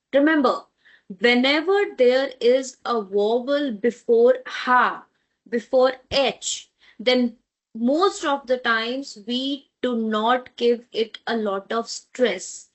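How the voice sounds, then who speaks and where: A woman leads an online language lesson at an unhurried pace. Her voice sits a little high, and she repeats each phrase patiently so learners can echo it. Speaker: language teacher.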